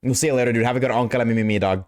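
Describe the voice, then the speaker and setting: A man's voice: very fast, darkish tone. Casual, swearing male game streamer. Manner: loose and profane, chatting with viewers, jumps between high and low voice. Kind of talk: casual live-stream chat while gaming. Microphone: desk microphone.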